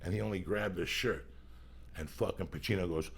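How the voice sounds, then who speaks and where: A low, gravelly male voice with a husky edge, talking as a stoned podcast host. He rambles through stories at a loose pace and swears constantly, sounding middle-aged. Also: a little fast. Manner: profane, rambling storyteller. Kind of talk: casual podcast chat.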